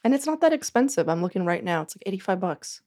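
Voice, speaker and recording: A woman hosting a casual radio interview, reacting quickly with teasing remarks. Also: medium pitch, sing-song, darkish tone. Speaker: radio show host.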